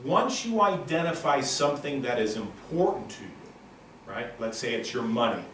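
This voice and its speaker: A man in his sixties giving a live motivational lecture to an audience in a room, telling stories in an animated, punchy and emphatic way. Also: mid-range voice, normal speed, slight background noise. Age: 60s. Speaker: motivational speaker. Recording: very echoey room, voice from a distant mic.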